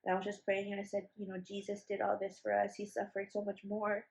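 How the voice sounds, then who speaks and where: A woman's voice: mid-range voice, monotone, fast talker, vocal fry, a little mellow, low-quality recording. A young woman vlogger telling a personal story in a casual, chatty way, with many fillers and restarts. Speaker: vlogger, new mother.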